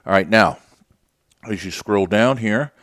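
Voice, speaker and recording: Deep-voiced man hosting a radio show. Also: a little slow, a bit bright, no room sound, clean studio sound. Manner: rambling, conversational, many fillers and restarts. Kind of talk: unscripted radio monologue.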